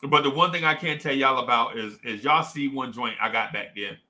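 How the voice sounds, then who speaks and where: Chatting to fans on a livestream, this Jersey-accented young sports host talks a little fast at medium pitch. His tone is bright and forceful, full of slang, repetition, and hype.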